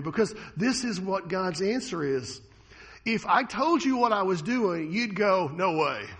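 A male pastor delivering a sermon, his voice pitched high for a man. The tone is husky and a little rough. He swings between forceful, loud passages and quiet, hushed lines.

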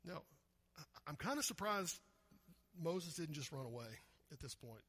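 A pastor preaching a conversational sermon, often asking the congregation questions. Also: male voice, a little high, expressive, moderate pace, a bit bright, slightly rough. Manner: conversational, asks the congregation questions, acts out quotes.

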